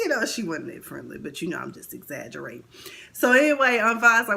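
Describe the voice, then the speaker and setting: A woman's voice: lowish voice, very animated, quick pace, vocal fry, pushed and bright, slight background noise. A woman hosting a casual TV recap, chatting and acting out the characters' lines with big swings in her voice. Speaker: TV recap host.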